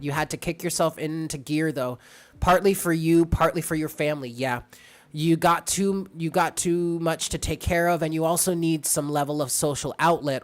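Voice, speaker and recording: Low-pitched woman, tarot streamer, rambling casual chat over soft lo-fi music. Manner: chatty, rambling, reads out viewer comments. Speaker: tarot reader. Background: faint lo-fi music.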